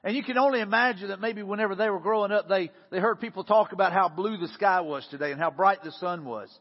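A man preaching a sermon in a casual, conversational way, repeating words and swinging between loud and hushed delivery. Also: sits high, quick pace. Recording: dull sound with long reverb.

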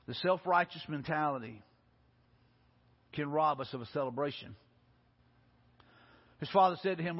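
A man's voice: on the high side, moderate pace, pauses often, slightly rough. A male pastor, preaching a sermon in an earnest way, often restarting and repeating words. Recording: dull recording in a reverberant hall.

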